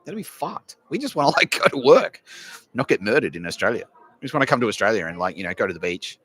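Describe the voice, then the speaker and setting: A man's voice: fairly low pitch, big pitch swings, fast, slightly rough, heavily acted. A man voicing an indignant crowd of young students, cursing in disbelief. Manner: incredulous, profane, shouting back.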